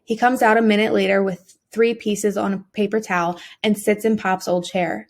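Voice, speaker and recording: A woman's voice: mid-range voice, steady tone, normal speed, creaky. A woman narrating a first-person audiobook as a teenage boy, earnest and emotional.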